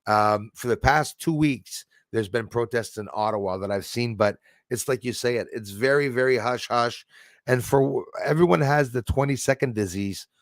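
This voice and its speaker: A man chatting on his livestream in a rambling, opinionated way. His voice has a gravelly edge and sits at a middle pitch. The sound is dry and close, with no room around it. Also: moderate pace, dry recording. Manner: rambling, opinionated, laughs at his own jokes. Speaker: livestream host. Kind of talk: casual livestream chat reading viewer comments.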